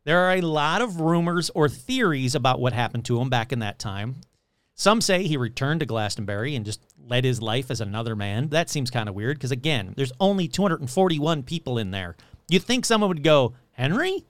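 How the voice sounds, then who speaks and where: Animated, joking male storyteller. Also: mid-range voice, clean tone, no echo, clean studio sound. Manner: animated, jokey, quick asides. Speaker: host. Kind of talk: casual paranormal storytelling.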